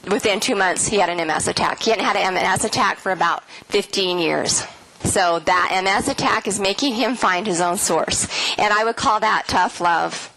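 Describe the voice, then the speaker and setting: A middle-aged woman speaks earnestly to an audience as a keynote speaker. Her voice is bright and forward, and she tells her story with animated energy, switching into little acted-out quotes. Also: medium pitch, rough recording. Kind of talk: spiritual talk with audience questions.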